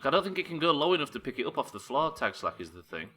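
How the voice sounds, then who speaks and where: Brief: young man, live gameplay streamer, bright tone, swings from muttering to loud outbursts, swears a lot. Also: a little high, big pitch swings, fast, soft background music. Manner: swears often, talks to chat, frustrated outbursts.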